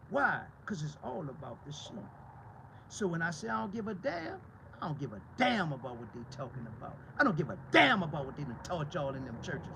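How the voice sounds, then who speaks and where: A man's voice: high-pitched, sharp tone, slight background noise, rough recording. A male pastor preaching a fiery, combative sermon, swearing freely and firing off rhetorical questions again and again.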